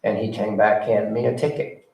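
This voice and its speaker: A man's voice: on the low side, level tone, normal speed, gravelly, a little mellow. A male pastor preaching a sermon in a folksy, conversational way, telling a personal story with a joking aside. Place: church sanctuary. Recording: roomy sound from a distant mic.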